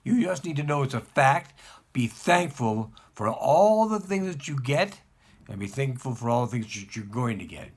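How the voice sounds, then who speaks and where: A man's voice: mid-range voice, very animated, normal speed, breathy edge. A man speaking as a rabbi, giving an emphatic spoken lesson and repeating points to press them home.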